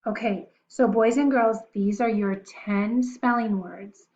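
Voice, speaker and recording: A woman teacher giving a recorded spelling lesson to young children, slowly spelling words out letter by letter and encouraging them. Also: mid-range voice, fairly even intonation, a little mellow, highs cut off.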